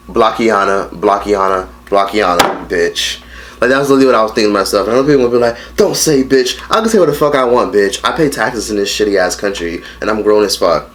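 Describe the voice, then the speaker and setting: A man's voice: medium pitch, animated, rapid-fire, few pauses, a bit bright. A man in his late teens telling a story in a casual mukbang vlog, blunt and profane, rambling with lots of fillers. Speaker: vlogger.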